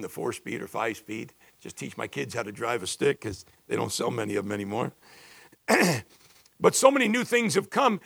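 A man in his sixties preaching a sermon, building to emphatic peaks and dropping low and confiding when he tells stories. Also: vocal fry, fairly bright tone, no room sound. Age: 60s. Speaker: pastor.

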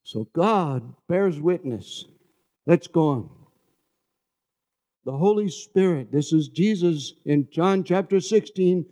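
A man from New York City preaches a sermon in a high but mellow voice. He talks in a loose, conversational way and keeps asking his listeners for an amen. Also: lively intonation, slow pace, long pauses. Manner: conversational, asks the congregation "amen?".

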